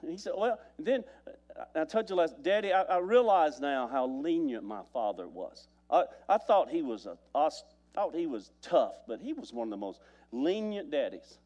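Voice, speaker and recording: A man's voice: on the high side, very animated, moderate pace, darkish tone. A man preaching a sermon as pastor, telling stories with repeated phrases and stammered restarts.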